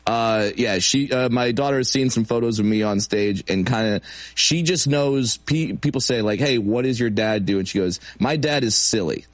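A man's voice: mid-range voice, moderate pace, dry recording. Self-mocking comedian man, dry sound. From Southern California. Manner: self-deprecating, laughs while telling stories. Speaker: comedian guest. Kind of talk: casual interview chat.

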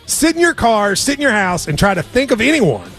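High-voiced guy hosting sports radio, super animated, cracking jokes. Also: fairly quick, soft background music. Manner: jokey, animated, laughs often. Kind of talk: casual sports radio chat.

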